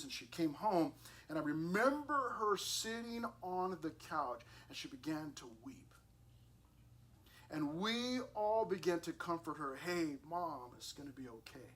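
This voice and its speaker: A middle-aged man with a fairly high voice gives a sermon at a youth service. He talks earnestly and conversationally, often repeating a word as he restarts a thought. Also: a bit bright.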